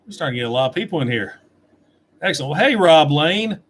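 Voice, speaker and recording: A man's voice: fairly high pitch, sing-song, quick pace, a bit bright, slightly rough. Chatty man reading live chat questions. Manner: chatty, reads out viewer questions. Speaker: toy reviewer answering live chat. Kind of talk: casual livestream chat.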